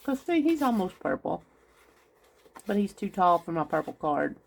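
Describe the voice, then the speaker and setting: A woman's voice: fairly low pitch, very animated, normal speed, gravelly. A woman chatting casually through a craft video, rambling and talking straight to her viewers. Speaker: craft vlogger.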